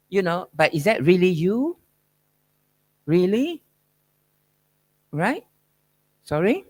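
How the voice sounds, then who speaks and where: Very animated yet slow, with long pauses, this high-voiced keynote speaker lectures academically. He presses his points emphatically and probingly, using rhetorical questions and "right?" tags.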